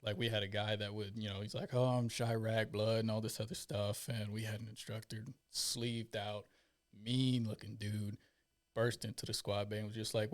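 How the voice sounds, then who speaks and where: A man's voice: medium pitch, moderate pace, a bit bright. A man telling stories in casual podcast chat, acting out the voices of the people he quotes. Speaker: podcast guest, former Marine.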